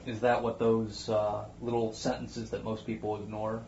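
A man's voice: lowish voice, completely flat delivery, normal speed, a little mellow, slight background noise. A man hosting a casual chat, thinking aloud as he talks. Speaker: podcast host. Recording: muffled lo-fi recording.

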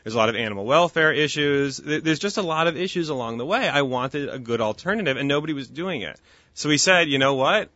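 Bright-voiced, earnest talkative man. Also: fairly high pitch, animated, fast talker, dry recording. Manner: earnest, talkative, restarts often. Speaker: guest, kosher meat company founder. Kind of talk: casual interview chat. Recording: dull lo-fi dry recording.

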